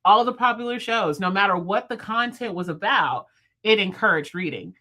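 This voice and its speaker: A woman in her thirties hosting a livestream, chatting casually with viewers, fast-talking and playful. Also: medium pitch, expressive, sharp tone. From United States. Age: 30s. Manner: talks fast, chatty and playful, laughs often. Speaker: livestream host. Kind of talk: casual live chat with viewers. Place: at home, in bed.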